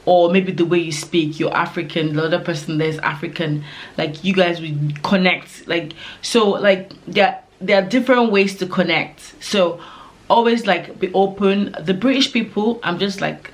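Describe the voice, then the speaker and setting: A woman's voice: lowish voice, moderate pace. A young woman talks casually to camera like she is chatting with a friend. Her delivery rambles from point to point, stuffed with "like" and small fillers. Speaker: vlogger giving advice. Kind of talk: casual advice talk to camera.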